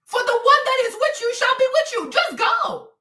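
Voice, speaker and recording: A woman's voice: very high voice, lively intonation, moderate pace, sharp tone, echoey room, distant mic. A woman hosting a livestream, talking in an emphatic, repetitive, preachy way. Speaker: livestream host. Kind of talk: preachy casual livestream talk.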